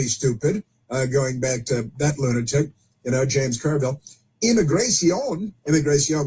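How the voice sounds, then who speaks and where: A man's voice: a little high, mellow, husky. A man hosting a political commentary monologue, combative and sarcastic, drifting into rambling asides. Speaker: host.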